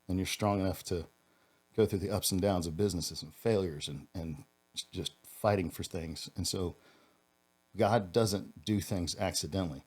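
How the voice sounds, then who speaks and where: A man, a former police officer, telling a personal story as a podcast guest in an earnest, halting way, restarting his sentences and going quiet in the emotional parts. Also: sits low.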